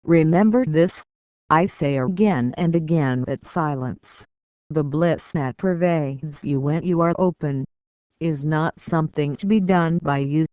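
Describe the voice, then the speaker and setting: A man reading a spiritual discourse as an audiobook, in a measured, deliberate way with long pauses between short phrases. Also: on the high side, darkish tone, clean tone, no echo. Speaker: audiobook narrator. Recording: dull, slightly muffled dry recording.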